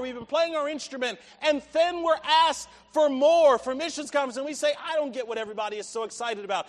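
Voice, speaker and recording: High-pitched guy preaching, lots of questions at the crowd, big echoey church sound. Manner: emphatic, with rhetorical questions to the congregation. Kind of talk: sermon. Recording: reverberant church hall.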